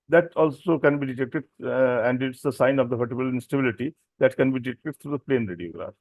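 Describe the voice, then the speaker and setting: Indian-accented man, doctor lecturing, halting delivery, mid-pitched voice, dry close sound. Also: a little mellow, dry recording. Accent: Indian English. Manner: hesitant, many fillers and self-corrections. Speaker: doctor presenting at a medical symposium. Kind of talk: technical lecture.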